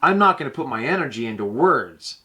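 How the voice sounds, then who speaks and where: A man host telling a personal story in a casual, blunt way, swearing freely and slowing down to stress his points. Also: medium pitch, sing-song, bright, forceful tone. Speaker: podcast host.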